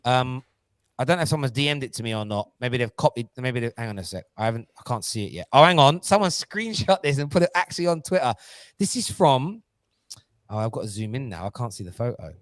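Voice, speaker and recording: A man hosting a casual football chat stream, talking in an animated, jokey and excitable way. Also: mid-range voice, fast talker, dry recording. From Jamaica. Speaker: host.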